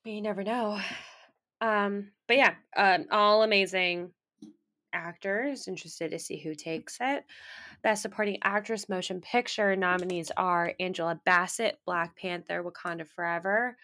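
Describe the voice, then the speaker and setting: A woman with a bright, forward voice co-hosting a relaxed chat about awards. She reads out lists of nominees, stumbling over names and filling pauses with ums and likes. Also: medium pitch. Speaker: co-host. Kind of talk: casual film award chat.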